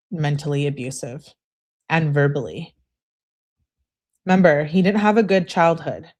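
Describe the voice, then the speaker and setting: Woman host, lower voice, casual livestream commentary, opinionated and foul-mouthed. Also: darkish tone. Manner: blunt, opinionated, swears freely. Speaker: true crime livestream host. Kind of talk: casual commentary on a livestream, reading text messages aloud.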